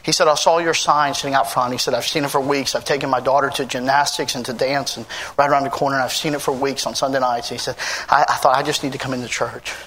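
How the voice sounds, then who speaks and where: American pastor telling a story. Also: male voice, mid-range voice, quick pace, hardly any pauses, slight background noise. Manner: energetic, shouting and laughing in an acted-out pancake run; quiet, confiding storytelling. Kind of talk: sermon. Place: church service with a congregation.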